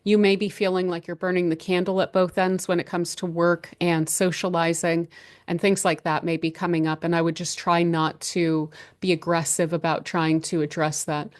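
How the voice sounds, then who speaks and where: A woman hosting a horoscope channel, talking through the month's signs in a casual, rambling way with many restarts and gentle advice. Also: fairly low pitch, flat delivery, normal speed. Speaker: astrology channel host.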